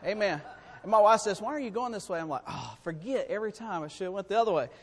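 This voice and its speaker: Man, preacher, very high voice, folksy and emphatic, long church-hall reverb. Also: lively intonation, fast talker. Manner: folksy, emphatic, swings between loud and quiet. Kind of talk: sermon.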